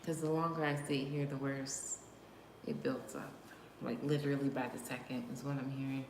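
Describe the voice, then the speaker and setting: A woman with a low voice hosts a casual livestream chat, speaking directly to her viewers. She slips into whispers now and then and laughs often. Her voice rings in a roomy space with faint background ambience. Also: level tone, normal speed, a little mellow, a little hiss or hum. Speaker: livestream host. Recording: roomy room echo.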